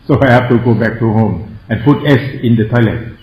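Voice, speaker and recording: Slow-spoken Thai man teaching meditation. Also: mid-range voice, heavy background noise. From Thailand. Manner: slow, repetitive, explains words and spells them out; self-mocking humor, chuckles often. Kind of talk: meditation class instruction. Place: meditation hall. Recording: echoey room, dull lo-fi sound.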